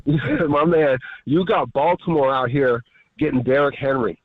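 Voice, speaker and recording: A man's voice: mid-range voice, moderate pace. Sarcastic male caller on a tinny phone line. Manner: sarcastic, exasperated. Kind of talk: call-in radio rant. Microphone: telephone.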